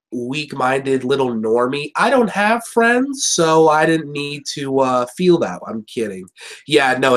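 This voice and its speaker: Young male host, average pitch, casual profane rambling review banter. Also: fairly bright tone. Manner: rambling, jokey and profane, full of fillers. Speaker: show host reviewing an episode. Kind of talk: casual chat.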